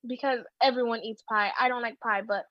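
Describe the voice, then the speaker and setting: A woman's voice: fairly high pitch, steady tone, brisk, no room sound. A woman guest in a casual chat, talking hesitantly with restarts. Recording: dull lo-fi dry mic.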